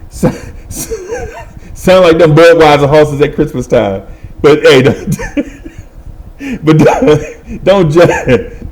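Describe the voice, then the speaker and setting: A middle-aged man telling a comic story in lively, colloquial speech, laughing and acting out the people in it. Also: on the high side. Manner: animated, laughing, acts out voices, colloquial. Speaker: podcast host.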